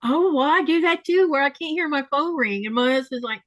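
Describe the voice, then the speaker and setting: A chatty woman hosting a live stream, her voice sitting fairly high. She reads viewer comments aloud, chuckles often and talks in a loose, rambling way. The sound is dry and close. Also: lively intonation, fairly quick, fairly bright tone, no room sound. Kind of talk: casual chat.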